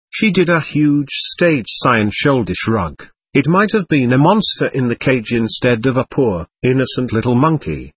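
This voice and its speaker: A man narrates a first-person story in audiobook style, his delivery expressive and animated. His voice has a husky grain. The recording is close and dry. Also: mid-range voice, a little slow, few pauses, dry recording.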